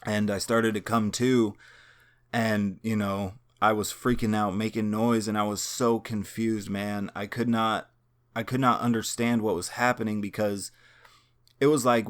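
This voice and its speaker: A man's voice: lowish voice, smooth. A young man telling a personal story in a casual, rambling way, full of fillers and swearing, searching earnestly for words. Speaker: vlogger.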